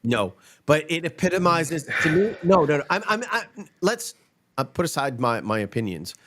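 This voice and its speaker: A man's voice: on the high side, big pitch swings, normal speed, fairly bright tone, a little hiss or hum. A man hosting a podcast in casual chat, rambling and emphatic, swearing freely. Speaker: podcast host.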